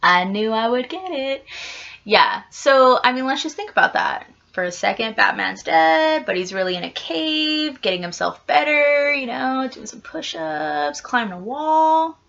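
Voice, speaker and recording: A woman's voice: high voice, animated, a little slow, gravelly, fairly bright tone, lo-fi sound. A woman vlogger chatting casually to camera, rambling with lots of "like" and the odd casual swear.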